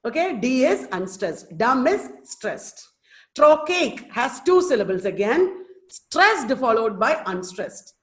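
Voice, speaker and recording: Woman lecturer, higher voice, slow and sing-song, on a video call in an echoey room. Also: sing-song, fairly bright tone. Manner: slow, emphatic, sounding out stress patterns. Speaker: teacher. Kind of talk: webinar lecture. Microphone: computer mic on a video call.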